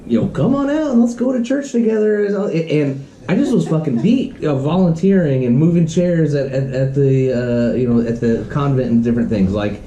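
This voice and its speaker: Animated, mellow man in an echoey room. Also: a little high, normal speed, hardly any pauses, lo-fi sound, a little hiss or hum. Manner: animated storytelling, frank and profane. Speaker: podcast co-host. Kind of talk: casual podcast chat. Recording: echoey room on a camera mic.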